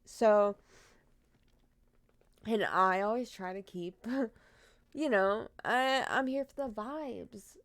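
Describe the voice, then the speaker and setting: A young woman tells a true crime story at an unhurried pace, emotional and openly angry, swearing freely as she reacts. Her voice sits in the middle of the range and is recorded dry and close, with no room sound. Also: mid-range voice, no room sound.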